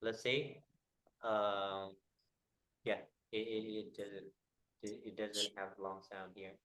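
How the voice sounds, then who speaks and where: A man teaching a one-on-one English pronunciation lesson, explaining haltingly with many fillers. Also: fairly low pitch, flat delivery, a bit bright, low-quality recording.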